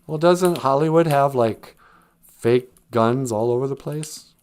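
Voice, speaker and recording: A man's voice: mid-range voice, a little slow, darkish tone. A man hosting a comedic livestream podcast, joking and laughing often. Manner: joking, laughs often, slips into silly voices. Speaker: podcast host.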